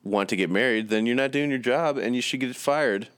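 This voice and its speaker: A man co-hosting a casual comedy podcast, speaking in a laid-back, dry way with hesitant pauses. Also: mid-range voice, a bit bright, clear, resonant tone. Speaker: podcast co-host.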